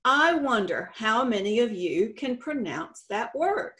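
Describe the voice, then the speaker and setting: A woman with a Texan accent giving a conference presentation with slides, explaining slowly and deliberately, stretching out example words. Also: fairly high pitch, sing-song, a bit bright. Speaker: state contest director presenting. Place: conference session room.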